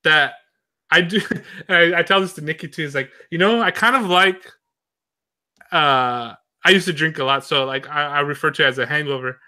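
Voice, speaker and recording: A young man chatting casually, rambling through his thoughts with many fillers and frequent laughs. His voice sits a little high for a man and sounds bright and forceful. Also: normal speed. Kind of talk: casual chat.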